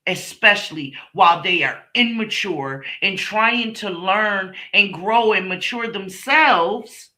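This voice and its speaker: A woman with a very bright, piercing edge to her voice talks straight to her viewers. She is middle-aged, blunt and emphatic, and she swears freely as she tells her story. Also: on the low side. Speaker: streamer host. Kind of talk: casual monologue to viewers.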